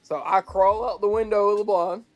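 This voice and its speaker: A man's voice: high voice, fairly even intonation, moderate pace, soft background music. A man in his late twenties telling a hunting story in casual chat, acting out quotes and laughing often. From Georgia. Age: 20s. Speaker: guest.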